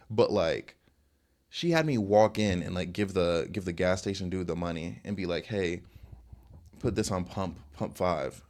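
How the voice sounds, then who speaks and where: Animated rambling young man telling stories. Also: on the low side. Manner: rambling, animated, many fillers. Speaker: podcast host. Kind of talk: casual storytelling.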